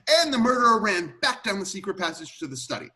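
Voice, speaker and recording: Man playing excitable butler, amateur script read-through, bright tone, very lively pitch. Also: fast talker, full character voice. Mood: animated. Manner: animated, theatrical explaining. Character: excitable male butler laying out a murder solution.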